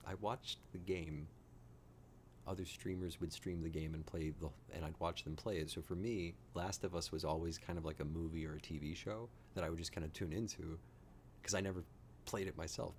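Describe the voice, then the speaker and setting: A low-voiced man reacts live as he watches, talking in excited, rambling bursts and swearing freely. Faint ambient noise hums behind his voice. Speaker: reaction streamer.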